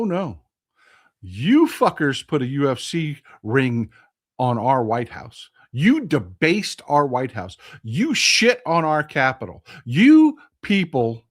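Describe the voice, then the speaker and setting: A man with a Texan drawl delivers political commentary in a vlog, his somewhat high voice rising and falling with lively swings. He talks bluntly and passionately, swears freely, and hammers his points home by repeating phrases. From Texas. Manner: impassioned, blunt and profane, repeats phrases for emphasis. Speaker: host.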